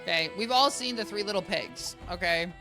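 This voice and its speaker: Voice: mid-range voice, moderate pace, music in the background. A young adult game streamer in casual gameplay commentary, rambling and chatting to viewers with lots of filler. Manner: rambling, talks to chat, heavy use of "like" and "guys".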